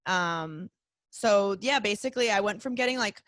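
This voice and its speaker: A woman's voice: medium pitch, normal speed, fairly bright tone, no room sound. Frank young woman chatting on a podcast. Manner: chatty, frank, lots of "like" fillers. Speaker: podcast guest, comedian. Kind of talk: casual chat.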